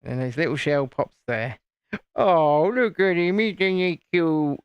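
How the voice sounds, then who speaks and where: A man's voice: a little high, takes it slowly, smooth, no room sound, lo-fi sound. Chatty British man, dry close sound. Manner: chatty, playful, often stops and restarts sentences. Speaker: live-stream host. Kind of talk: casual chat while building Lego live.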